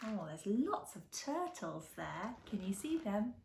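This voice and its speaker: A woman's voice: mid-range voice, slow pace, gravelly, a little hiss or hum. A woman preschool teacher reading a picture book aloud to young children, gasping and asking them questions. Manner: animated, gasps and asks children questions. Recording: echoey room.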